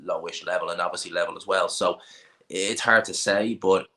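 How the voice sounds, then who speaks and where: Man, North Dublin accent, low voice, bright forceful tone, casual livestream chat, blunt offhand opinions. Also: fairly even intonation, normal speed. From Ireland. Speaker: livestream host. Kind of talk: casual livestream chat answering viewer questions.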